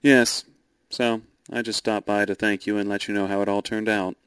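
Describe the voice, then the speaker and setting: A man's voice: fairly low pitch, little pitch movement, moderate pace, fairly bright tone, clean tone, no echo, lightly acted. A man playing a breezy scheming knight. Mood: brisk, plotting.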